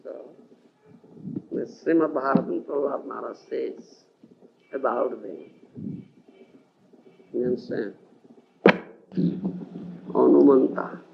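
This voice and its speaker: A man's voice: mid-range voice, slow pace, gravelly, long pauses. A man from India giving a scripture lecture, often asking his listeners whether they follow. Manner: animated, keeps checking with listeners. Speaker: spiritual teacher. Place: lecture hall. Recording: dull lo-fi archival tape with faint hiss.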